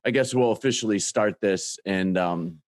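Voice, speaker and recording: Rambling low-voiced man hosting a call. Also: dry recording, clean studio sound. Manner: rambling, halting, many restarts. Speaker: host. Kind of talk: casual video-call chat.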